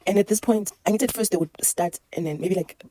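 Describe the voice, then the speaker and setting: A woman with a South African accent telling a casual storytime, animated and mixing Zulu into her English. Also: mid-range voice, fast, dry recording. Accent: South African, Zulu-mixed English. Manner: animated, code-switching, laughing through a birth story. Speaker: vlogger.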